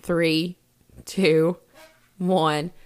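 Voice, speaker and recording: A woman's voice: sits low, extremely slow, smooth. A woman co-hosting a podcast, telling a story in casual chat with frequent laughter. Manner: animated storyteller, laughs often. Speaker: podcast co-host. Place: rural home.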